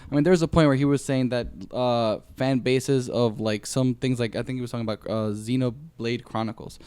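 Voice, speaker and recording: This man talks quickly in a dark, mellow voice that stays smooth and clear. He makes his points on a gaming podcast emphatically and at length, in a dry, close sound. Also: mid-range voice, fairly even intonation, no echo. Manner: emphatic and opinionated, explaining at length. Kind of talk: casual podcast discussion.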